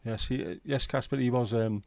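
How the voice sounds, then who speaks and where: This middle-aged livestream host speaks fairly quickly at medium pitch, his voice gravelly and darkish with fairly even intonation. The recording is dry. He chats casually, reading the chat aloud amid jokey pub-style banter.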